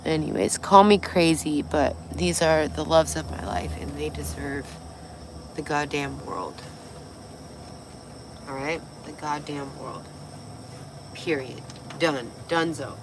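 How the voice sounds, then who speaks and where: A woman hosting a casual livestream, a little tipsy and hoarse, gushing and swearing as she reads viewer comments. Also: deep voice, slow, long pauses, background noise. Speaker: livestream host.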